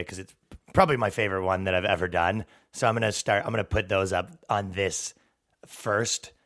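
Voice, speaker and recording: A man's voice: deep voice, a bit bright. A man hosting a podcast, delivering a sarcastic, profane, rambling comedic rant. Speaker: podcast host. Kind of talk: comedic monologue.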